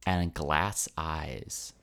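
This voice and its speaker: A young man with a deep, low-pitched voice that sounds smooth and resonant. He hosts a podcast and tells a folklore tale in a relaxed chat, slipping in jokey asides along the way. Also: very slow. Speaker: podcast host. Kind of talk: casual storytelling chat.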